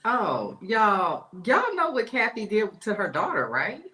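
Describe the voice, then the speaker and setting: A woman telling a long story in a relaxed, informal way on a gossip panel. Her voice is bright. Her room echoes around her. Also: medium pitch, unhurried. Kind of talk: casual gossip chat. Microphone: remote call.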